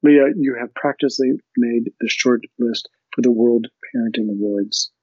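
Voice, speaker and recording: A man reading as a suave erudite gentleman. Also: medium pitch, no room sound, lightly acted. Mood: reassuring. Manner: gentle, measured reassurance. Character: suave erudite English businessman, kind and reassuring. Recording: dry, slightly muffled audio.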